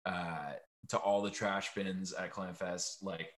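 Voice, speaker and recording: A man's voice: low-pitched, little pitch movement, takes it slowly, a bit bright. A young man chatting as a podcast guest over a video call, laid-back and rambling with lots of "like". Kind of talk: casual podcast chat.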